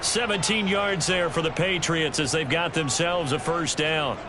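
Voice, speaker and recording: A man calling play-by-play for a football video game in a brisk broadcast manner. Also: on the high side, heavy background noise. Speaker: play-by-play commentator. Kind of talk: scripted video game commentary.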